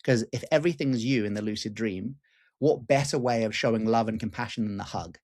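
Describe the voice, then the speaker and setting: A man in his forties, a guest teacher, telling a personal story in an animated, candid way with casual swearing and fillers. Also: fairly low pitch, fairly quick. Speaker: guest, lucid dreaming teacher.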